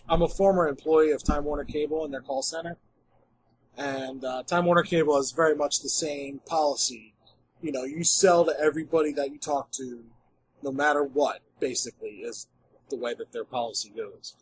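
A man co-hosting a podcast, chatting casually with some swearing, his voice often trailing off quietly. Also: fairly high pitch, fairly even intonation, moderate pace, slight background noise, rough recording. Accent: American. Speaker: podcast co-host. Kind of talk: casual chat.

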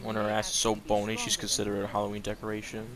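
A young man cracking crude jokes and shouting at the game while playing with friends. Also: lowish voice, monotone, fast, crowd noise. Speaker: gamer in voice chat. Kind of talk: casual gaming banter.

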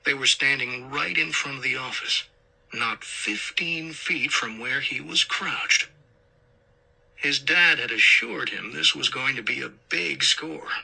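A male audiobook narrator with a husky, bright voice. He reads a crime story in scripted narration, slipping into tense whispered dialogue. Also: mid-range voice, takes it slowly, rough recording.

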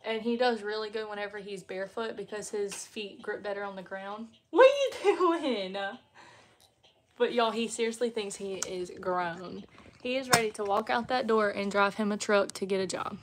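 A woman's voice: medium pitch, steady tone, brisk, a little hiss or hum. A young woman, chatting casually to her phone on a live stream from her home. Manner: chatty, folksy, laughs easily. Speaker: mom vlogger. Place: family home, indoors.

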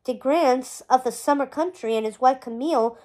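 A woman's voice: high-pitched, moderate pace, darkish tone, close to an everyday voice. A woman voicing an old bearded male wizard in a storybook read-aloud, gushing and sputtering. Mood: matter-of-fact.

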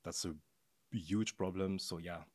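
Very low-voiced, hesitant male guest. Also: fairly even intonation, no room sound. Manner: hesitant, many pauses and fillers. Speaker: podcast guest, architect. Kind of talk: casual conversation.

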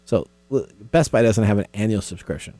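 A man hosting a casual radio tech talk show, chatty and quick to laugh as he reads emails aloud. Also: lowish voice, mellow, dry recording.

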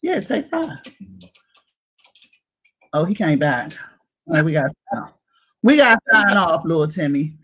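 Speaking low and unhurried, with long pauses and a breathy edge, this woman co-hosts a comedy chat on a video call. Her raunchy storytelling is animated and laugh-filled, and she acts out the other characters.

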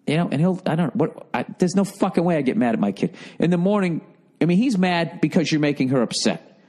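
Loud profane middle-aged man riffing. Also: on the high side, brisk. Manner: loud, profane, animated riffing with mocking put-on voices. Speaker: podcast host giving advice. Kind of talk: comedic advice podcast, reading listener letters.

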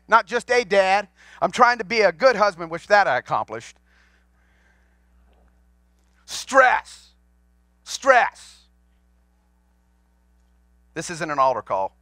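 High, bright-voiced preacher man. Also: no echo, clean studio sound. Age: 40s. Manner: folksy storytelling, asks the congregation questions. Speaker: pastor. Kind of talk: sermon. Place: church sanctuary.

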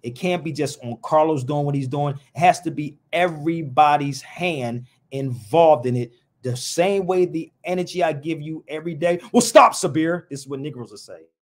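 A man's voice: fairly high pitch, moderate pace, hardly any pauses, a little mellow. A man hosting a live show in a casual stream, talking in an impassioned, blunt and rambling way, heavy on slang.

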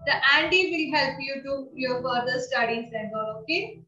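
A woman playing a poor, loving father in an amateur classroom skit, speaking softly and haltingly. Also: high-pitched. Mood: pleading. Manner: pleading, soft and halting. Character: poor, loving father giving away his daughter. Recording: distant, roomy, dull sound.

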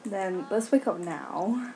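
Young woman ranting at her sims, voice jumping all over, slow talker. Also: medium pitch, lively intonation, warm tone, a little hiss or hum. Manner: exasperated, scolding her game characters with repeated whys. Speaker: gaming YouTuber. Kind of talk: casual Let's Play commentary.

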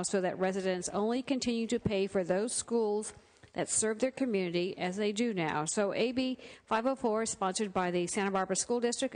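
A woman's voice: medium pitch, a little mellow. A woman senator presenting a bill on the floor, explaining it in a prepared, formal speech. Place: large legislative chamber. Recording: chamber broadcast with long reverb.

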